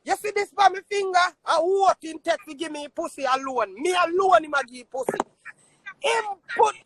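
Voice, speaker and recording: A Jamaican man shouting and swearing in a heated argument on a live stream, boastful and loud, talking into a phone. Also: very high-pitched, animated, moderate pace, no room sound.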